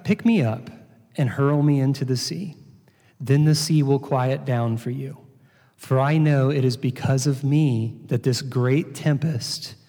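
A man's voice: mid-range voice, darkish tone. A man preaching a sermon, reading scripture aloud and then explaining it with rhetorical questions. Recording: long hall reverb.

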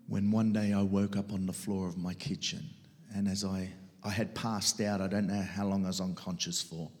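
Dramatic male preacher in a reverberant hall. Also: deep voice. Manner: dramatic, swinging from loud outbursts to hushed whispers. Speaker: preacher sharing testimony. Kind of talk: dramatic sermon testimony. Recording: long reverb of a large hall.

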